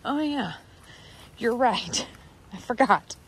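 Slow-talking woman outdoors on a farm. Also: a little high, lively intonation, breathy edge. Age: adult, working a day job. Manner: coos and baby-talks to goats, laughing often. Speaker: farm vlogger. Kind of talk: casual vlog narration.

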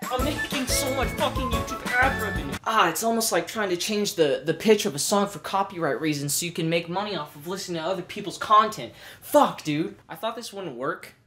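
A woman with a fairly low voice doing comedic commentary on a YouTube channel. She reads comments and picks them apart with deadpan sarcasm and constant swearing. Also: fairly quick, faint music behind. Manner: profane, sarcastic, deadpan mockery.

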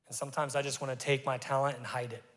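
A middle-aged man preaching a sermon, his delivery swinging from loud emphatic calls to hushed, confessional asides, picked up by a stage microphone in a church auditorium. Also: medium pitch, flat delivery, quick pace. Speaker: pastor. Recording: live church hall reverb.

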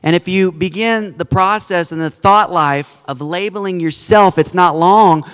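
A man's voice: high voice, a little slow, a bit bright, clear, resonant tone, long reverb tail. A male pastor preaching a sermon, earnestly quoting scripture to his congregation. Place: church sanctuary.

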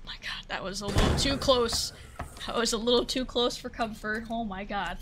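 High, bright-voiced woman gaming. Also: normal speed, slight background noise. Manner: talks to the game, swings from mutters to frightened shrieks. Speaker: gaming video creator. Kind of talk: horror game let's-play commentary.

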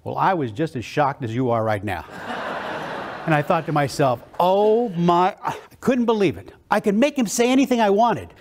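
A man's voice: on the high side, sing-song, moderate pace. A man from South Texas giving a motivational keynote, telling his story with enthusiasm.

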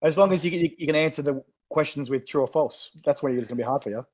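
A jokey Australian man hosts a livestream chat, with a voice sitting a touch high for a man. He laughs a lot and drops easy slang between questions. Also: fast talker, darkish tone, husky. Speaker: host. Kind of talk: live-streamed chat while eating chillies.

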